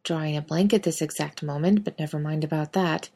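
A woman reading fan fiction aloud, voicing a gruff young male hunter who swears bluntly and fumbles for words. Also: low voice, a little fast, dark tone.

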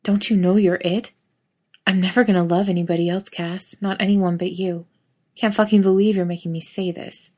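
An exasperated young college athlete who speaks bluntly and swears freely, as a woman reads him. The voice sits fairly low and stays close to a plain storytelling voice. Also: fairly even intonation, moderate pace, warm tone, lightly acted. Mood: pleading. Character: young adult man, heated college athlete.

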